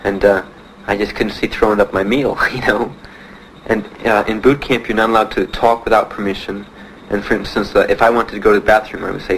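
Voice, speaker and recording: A young man, a veteran, telling his own story in plain, halting speech with many pauses. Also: lowish voice, fairly even intonation, slight background noise, poor audio. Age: young adult. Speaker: Vietnam veteran giving testimony. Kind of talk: personal testimony.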